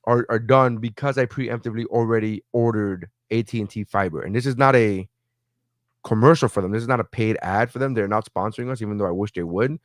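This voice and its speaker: A man's voice: fairly low pitch, fast, dry recording, clean studio sound. A man co-hosting a podcast, telling a story with lots of swearing and acted-out phone calls. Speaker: podcast co-host. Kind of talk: casual podcast chat.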